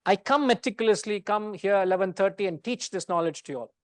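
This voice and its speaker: A man's voice: high voice, fast, clear, resonant tone, no room sound. A middle-aged man with an Indian English accent, teaching the Gita to a study class in a conversational, teasing way.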